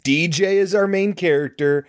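A man's voice: high voice, moderate pace, no echo, studio quality. A man co-hosting a podcast who recaps a movie in casual chat and goes off on explanatory trivia tangents. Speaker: podcast co-host.

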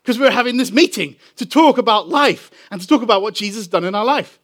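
An English pastor delivers a sermon in a strikingly high voice for a man. He tells his story with animation. He stretches out the important phrases slowly. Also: lively intonation, fairly bright tone. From England.

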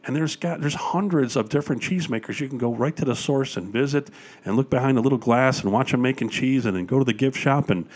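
A man's voice: mid-range voice, quick pace, darkish tone. An older man from Wisconsin, chatting as a guest and telling stories eagerly, with plenty of "uh"s along the way. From Wisconsin, USA. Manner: enthusiastic storyteller with frequent fillers. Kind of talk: casual chat.

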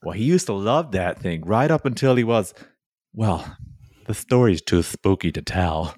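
Guy putting on a creepy sweet widow lady, sugary and singsongy, high and swooping, dry close sound. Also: expressive, a little slow, darkish tone, no echo. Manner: sugary, falsely cheerful. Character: sweet creepy widow running a yard sale. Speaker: podcast host, storyteller.

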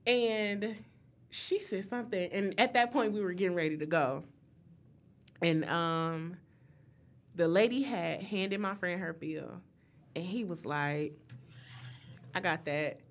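A young woman co-hosting a podcast, telling a story with lively acted-out quotes in casual chat. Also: on the low side, slow pace, pauses often. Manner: animated storyteller, acts out quotes. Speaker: podcast co-host.

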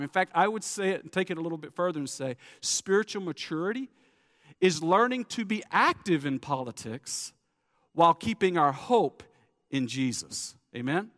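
A man preaching a sermon as pastor, animated, acting out the crowd's voices and dropping low at the ends of phrases. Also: moderate pace, in a large hall.

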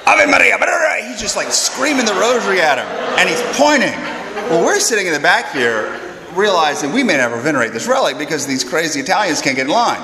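A young man, a priest, giving a homily as an animated story, acting out the voices of the people in it. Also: a little high, fast talker, heavy background noise. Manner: animated storyteller who acts out quoted voices. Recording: roomy hall echo.

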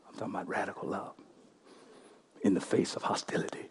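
A male pastor telling a story during a sermon, impassioned, swinging between loud bursts and hushed passages. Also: low-pitched, flat delivery, a little fast, slight background noise.

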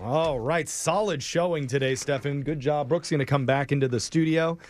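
A man's voice: a little high, normal speed. A man hosting a radio game show, reading trivia questions in a playful quizmaster manner.

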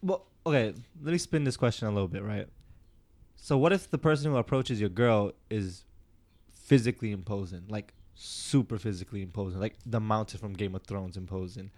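A man's voice: on the low side, brisk, a little mellow. A man co-hosting a podcast, chatting casually and animatedly, acting out voices as he tells a story. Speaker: podcast co-host. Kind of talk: casual chat.

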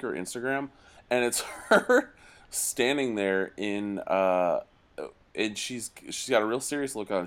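Low-voiced man joking on a podcast. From Northeast US. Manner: rambling, joking, puts on accents mid-story. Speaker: podcast co-host. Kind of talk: casual chat.

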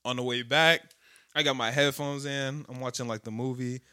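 A young man telling a story in casual chat, animated and slangy, with lots of swearing. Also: mid-range voice, normal speed, smooth, no room sound, clean studio sound.

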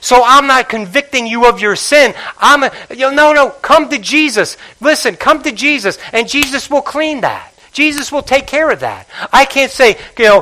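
A man's voice: extremely high pitch, animated, moderate pace, hardly any pauses, bright, forceful tone, rough recording. A man preaching a sermon from the pulpit as pastor, emphatic, repeating his phrases and prodding the congregation to respond.

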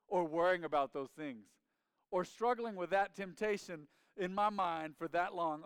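A pastor in his forties preaching a sermon in church, animated and calling on the congregation to respond. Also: sits high, normal speed, smooth, no echo. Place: church sanctuary.

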